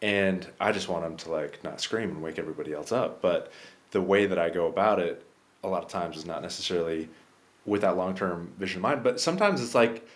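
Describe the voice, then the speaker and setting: A man who is a guest on a podcast, speaking in a relaxed, hesitant way with many fillers. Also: sits low, brisk. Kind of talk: casual podcast conversation.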